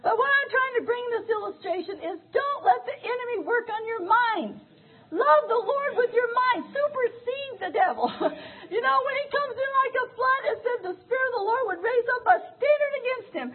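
A woman's voice: very high voice, animated, moderate pace. An older woman minister preaching a fervent sermon, her voice breaking with feeling, often crying out. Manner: fervent, tearful preaching with laughs and shouts. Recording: tinny phone-like recording.

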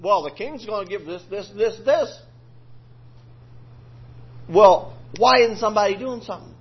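A man's voice: high voice, unhurried, slightly rough. A male preacher telling a scripture story in a homespun, colloquial sermon. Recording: lo-fi recording.

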